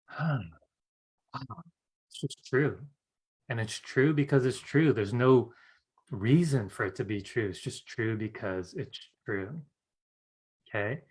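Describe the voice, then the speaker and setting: A man's voice: medium pitch, slightly rough. A man teaching a live-streamed class on psychic skills, chatty and earnest, often asking "right?" and laughing. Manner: chatty, fills with "you guys" and "right?".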